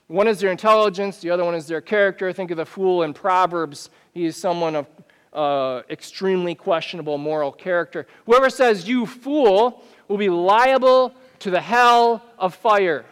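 Guy pastor preaching, chatty and lively, kinda high voice, big echoey church hall. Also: normal speed, clean tone. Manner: conversational, animated, rhetorical questions. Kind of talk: sermon. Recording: long reverb of a church hall.

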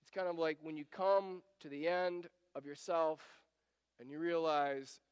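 A man's voice: on the high side, steady tone, unhurried, smooth, dry recording, long reverb tail, lo-fi sound. A man preaching a sermon, reading scripture aloud and acting out the disciples' pleas in varied voices. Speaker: pastor. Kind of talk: expository sermon.

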